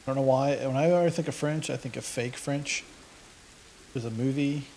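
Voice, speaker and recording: A man's voice: medium pitch, steady tone, normal speed, darkish tone, slight background noise. A man giving casual let's play commentary, chatty and rambling, drifting into tangents and swearing casually.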